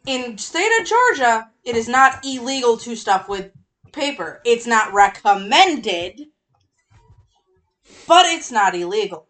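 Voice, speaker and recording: A woman co-hosting a casual true-crime podcast from her couch at home, chatty and animated. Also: on the high side, takes it slowly. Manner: chatty, animated, laughs often. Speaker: podcast co-host. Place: home living room, on a couch.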